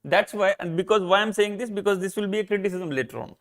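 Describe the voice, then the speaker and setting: Indian guy teaching, higher voice, asks questions then answers, repeats points, drops hindi words. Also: quick pace. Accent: Indian English. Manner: explains by posing rhetorical questions and answering them; repeats and rephrases key points, slips into Hindi. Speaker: philosophy teacher. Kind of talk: live exam-prep lecture.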